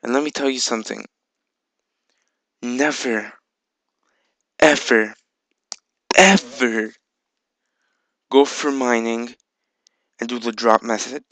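A man chats loosely over his game footage, full of ums and easy swearing. His voice has a gravelly edge but stays smooth and clear. It sounds close and dry, with no room around it. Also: mid-range voice, steady tone, a little fast, no room sound, low-quality recording. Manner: rambling, filler-heavy, swears casually. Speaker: video game channel host. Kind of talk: casual gameplay vlog chat.

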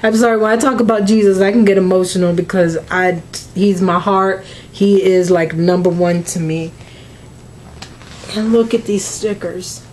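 A woman's voice: mid-range voice, steady tone, normal speed, a little mellow, slight background noise. A woman, opening mail on a crafting vlog, gushing and emotional, close to tears. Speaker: crafting vlogger.

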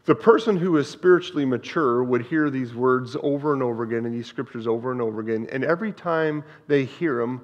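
A man's voice: mid-range voice, brisk, few pauses. Man, pastor, sermon, mid-range voice, earnest repetitive preaching, church sanctuary, slightly muffled recording.

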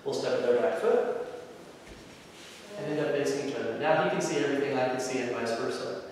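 A man teaching aikido who explains movements calmly and methodically and chants short phrases with each step. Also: mid-range voice, brisk, slight background noise. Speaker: aikido instructor. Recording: echoey hall, mic far off.

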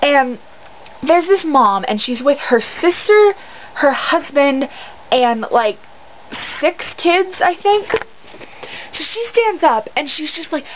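A woman with a high voice vlogs to camera. She tells her story in a rambling way, with lots of fillers and an indignant edge. A faint hiss runs under the recording. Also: big pitch swings, slow pace, rough recording. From United States. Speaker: vlogger. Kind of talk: casual storytelling rant to camera.

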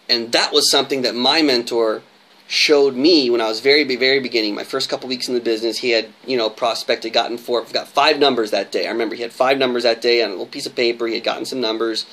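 An energetic man coaching newcomers with a motivational talk. His voice sits in the middle range, and his delivery is emphatic and repetitive, full of quick "right?" check-ins. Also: medium pitch. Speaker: network marketing coach.

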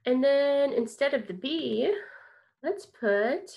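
A woman's voice: sits high, animated, slow pace, gravelly, muffled recording. A woman teaching an online kindergarten music lesson, upbeat and encouraging, leading call-and-response.

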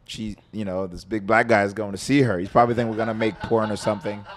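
Podcast guest: low-voiced man from New York, reflective and easygoing, mimics people in anecdotes. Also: steady tone, quick pace. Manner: laid-back, reflective, acts out voices in stories. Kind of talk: casual chat.

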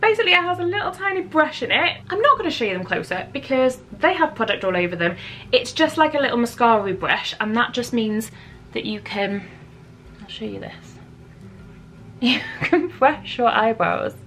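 A woman's voice: a little high, lively intonation, normal speed, bright, forceful tone, slight background noise. A woman chatting casually to camera about beauty favourites at home, giggling often and poking fun at herself. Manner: chatty, giggly, self-deprecating. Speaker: beauty vlogger. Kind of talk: casual product chat to camera. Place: at home, seated indoors.

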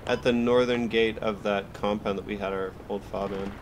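A man with a Canadian accent chatting casually on squad voice chat during a game, relaxed and swearing often. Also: on the low side, normal speed, heavy background noise. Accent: Canadian English. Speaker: gamer recording gameplay.

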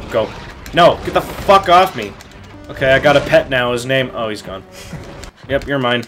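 A man playing a video game with casual let's play commentary, excitable and swearing constantly with loud outbursts. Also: mid-range voice, normal speed, over music. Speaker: gamer playing through a game.

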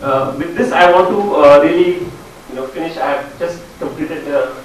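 A man's voice: fairly high pitch, moderate pace. Grey-haired man joking in echoey hall. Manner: chatty, joking, many fillers. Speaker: workshop speaker. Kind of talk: workshop talk with anecdotes. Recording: echoey hall from far off, noisy.

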